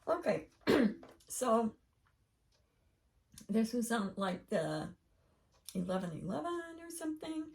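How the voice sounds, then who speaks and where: An older woman hosting a casual chat, telling a rambling, animated story with laughing asides. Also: on the high side, slow, pauses often. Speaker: podcast host. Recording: voice a bit far from mic.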